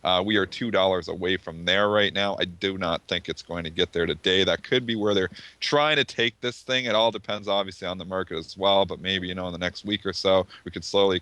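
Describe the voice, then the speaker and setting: A man's voice: low voice, bright, forceful tone, dry recording. A man co-hosting a stock market show, giving confident, chart-focused commentary in a casual way.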